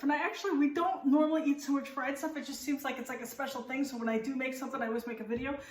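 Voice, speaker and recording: A woman's voice: sits high, fairly even intonation, fast, hardly any pauses, distant mic. A woman chatting casually in a home cooking vlog, rambling and candid as she tastes and critiques her own food in her kitchen. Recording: roomy kitchen, voice off-mic.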